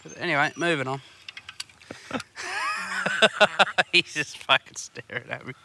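A man's voice: mid-range voice, measured pace, creaky, pushed and bright. An Australian man hosting a fishing podcast from a boat, bluntly swearing his way through rambling stories. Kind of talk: casual banter while fishing. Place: outdoors on a boat on a river. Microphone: portable recording equipment on the boat.

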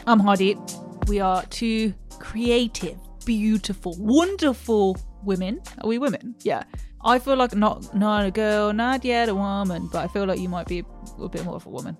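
A woman's voice: mid-range voice, normal speed, soft background music. Wry, teasing young woman. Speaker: podcast co-host. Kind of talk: casual chat.

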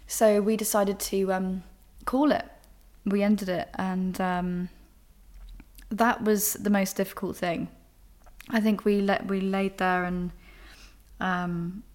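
A young woman hosting a podcast, talking frankly and emotionally about her own life, with casual swearing. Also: medium pitch. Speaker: podcast host. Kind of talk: candid personal monologue.

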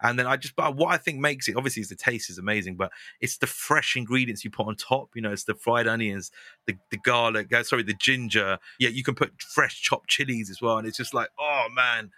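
Bright, dry-voiced young man. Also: mid-range voice, dry recording. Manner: animated, quick, laughs often, does voices. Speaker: guest. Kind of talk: casual chat.

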